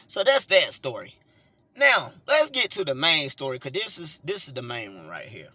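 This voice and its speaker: A man's voice: high-pitched, very animated, normal speed, pushed and bright, no room sound. A man with a Southern accent, talking casually from inside a car, rambling and repeating words as he tells a story. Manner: rambling, repeats words, chuckles between points. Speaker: vlogger and minister.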